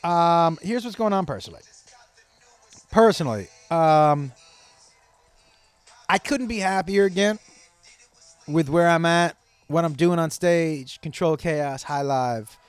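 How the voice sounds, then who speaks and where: Profane, rambling comedian host. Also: male voice, on the high side, lively intonation, slow pace, long pauses, smooth, soft background music. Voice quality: profane, rambling, laughing asides. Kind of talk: casual solo podcast chat.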